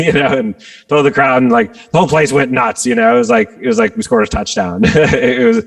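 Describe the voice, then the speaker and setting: A man, a guest rock guitarist, telling stories in a casual interview and acting out quotes with sudden jumps in pitch. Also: moderate pace, gravelly. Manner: animated storyteller, acts out quotes with jumps in pitch.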